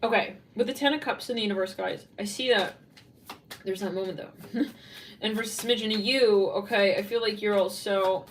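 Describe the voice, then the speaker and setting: A chatty woman with a Californian accent talks loosely through a tarot reading, laughing between phrases and filling her sentences with "like." Her voice sits at an ordinary pitch. It is recorded from a little way off the mic, with a faint hiss underneath. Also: steady tone, normal speed, far from the mic. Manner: rambling, giggly, lots of "like". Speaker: tarot reader.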